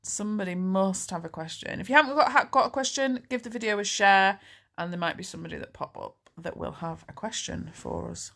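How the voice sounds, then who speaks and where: A woman's voice: medium pitch, a little fast, gravelly, a bit bright. A woman, a life coach answering viewer questions in a candid, chatty, reassuring live Q&A. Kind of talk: live Q&A chat.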